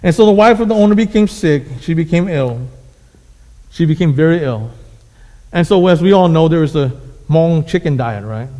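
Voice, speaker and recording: A man's voice: mid-range voice, warm tone. A man preaching a sermon, telling a fable with emphatic, repetitive phrasing. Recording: echoey hall.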